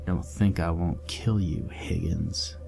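Man doing a cold-blooded soldier, low muttered menace, very deep. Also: slow, a little mellow, soft background music. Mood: threatening.

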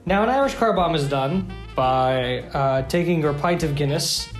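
A man's voice: fairly high pitch, animated, moderate pace, hardly any pauses. A man from Michigan, a former bartender, hosting a casual cocktail review vlog in a chatty, self-mocking way with lots of fillers. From Michigan, USA. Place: home bar. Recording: echoey room with faint guitar music.

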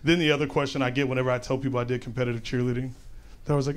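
A man's voice: mid-range voice, level tone, rapid-fire, clear, resonant tone. A young man doing a stand-up comedy set, brash and slangy, with punchy delivery on a club stage. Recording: loud crowd laughter behind. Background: audience laughing.

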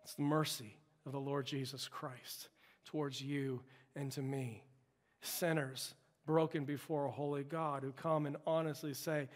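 A male pastor preaching a sermon with impassioned, emphatic delivery, building to loud peaks. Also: medium pitch, level tone, unhurried. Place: church sanctuary. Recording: long church-hall reverb.

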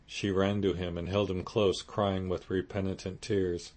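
A man narrating a classic novel as an audiobook in a steady, measured way. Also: sits low. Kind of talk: scripted narration.

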